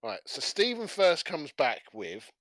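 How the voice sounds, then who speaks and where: A man chatting on a gaming podcast, telling stories in an animated way, swearing and laughing as he goes. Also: a little high, a little slow, no echo. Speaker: podcast co-host. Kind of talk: casual chat, storytelling.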